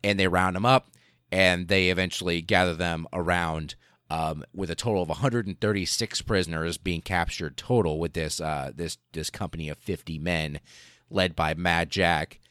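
A man hosting a podcast, telling a history story in a casual, animated way with profanity and lots of fillers. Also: low-pitched, moderate pace, smooth, no echo, studio quality. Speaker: podcast host.

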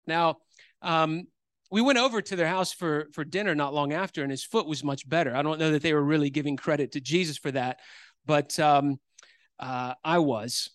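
A man with a high voice tells a personal story as part of a sermon, with plenty of fillers and restarts. He is recorded dry and close, with almost no room sound. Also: moderate pace, fairly bright tone, clean tone, no room sound. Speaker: preacher. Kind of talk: sermon testimony.

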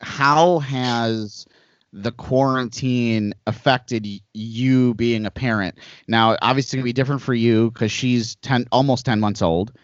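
A man's voice: medium pitch, unhurried, no echo. Male podcast host, casual rambling talker, dry lo-fi recording. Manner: rambling storyteller, animated asides. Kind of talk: casual chat.

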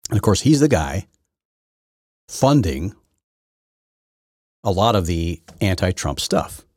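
A man's voice: deep voice, very animated, slow pace, a little mellow, no room sound, studio quality. A man hosting his own political talk show, delivering an opinionated, rambling monologue full of restarts. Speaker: podcast host.

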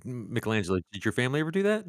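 A man's voice: mid-range voice, big pitch swings, rapid-fire, dry recording, clean studio sound. A man co-hosting a casual comedic podcast chat, jokey and rambling with restarts. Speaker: podcast co-host, shop manager character.

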